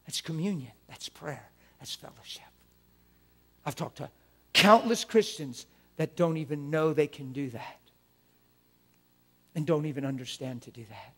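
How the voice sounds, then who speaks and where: A man preaches with a husky, somewhat high voice. He models prayer aloud, dropping to near whispers and then rising into loud, fervent declarations. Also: a little slow, pauses often.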